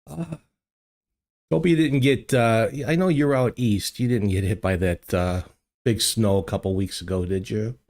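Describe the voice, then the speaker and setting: An older man hosts a relaxed chat stream from his home studio, talking into a desk microphone. His voice sits on the low side and he takes his time. He rambles along to his viewers, full of "uh" and "you know" and restarted sentences. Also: a little slow. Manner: rambling, chatty, many fillers and restarts. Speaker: livestream host. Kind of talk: casual chat with live chat viewers.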